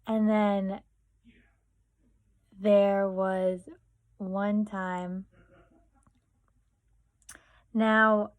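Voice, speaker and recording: A woman's voice: mid-range voice, flat delivery, drawn-out words, long pauses. A young woman vlogging, telling family stories in a chatty way full of fillers and acted-out quotes. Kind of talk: casual storytelling.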